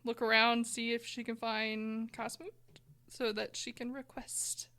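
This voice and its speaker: A woman's voice: a little high, flat delivery, a little slow, pushed and bright. A woman describing her character's actions as a player in a tabletop game, somewhat tentative. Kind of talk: casual tabletop play.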